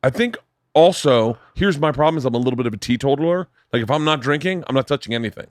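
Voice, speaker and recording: A man's voice: medium pitch, animated, fast, no echo, clean studio sound. Rambling male podcast host. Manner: rambling, restarts sentences often. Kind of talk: casual chat.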